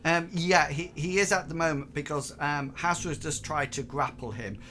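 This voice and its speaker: A man narrating a tabletop game as game master, halting and full of ums. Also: on the high side, sharp tone, slight background noise. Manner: hesitant, many ums and restarts.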